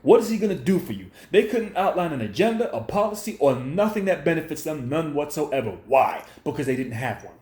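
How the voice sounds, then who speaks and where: Man vlogger, raised-pitch confrontational rant, echoey room sound. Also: very animated, a little fast, few pauses, darkish tone. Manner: confrontational, preachy, repetitive. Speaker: commentary vlogger. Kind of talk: ranting monologue commentary.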